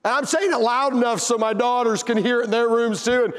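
A man telling a humorous family story in a sermon, folksy and animated. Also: very high voice, fairly quick, long reverb tail. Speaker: pastor.

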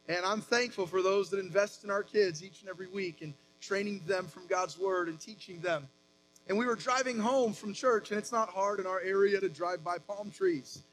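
A man in his thirties preaching a sermon as pastor, with animated emphatic rises and quick asides. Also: high voice, low-quality recording.

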